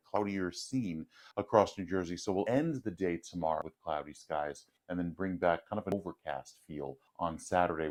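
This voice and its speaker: A man giving a TV weather forecast in a brisk, explanatory way. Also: low voice. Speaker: meteorologist.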